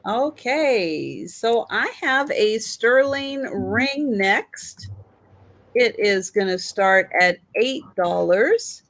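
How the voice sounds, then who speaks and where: Slow, unhurried woman calling bids. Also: fairly high pitch, lively intonation, fairly bright tone, poor audio. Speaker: live sale host. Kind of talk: live online sales auction.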